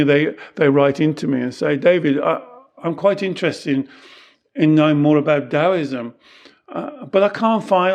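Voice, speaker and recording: A middle-aged man explains his ideas in a casual, earnest talk, and his voice sits a little high for a man. He often slips into the voices of the people he quotes. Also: a little mellow, highs cut off. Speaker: Taoist teacher and podcast host. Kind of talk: casual teaching conversation.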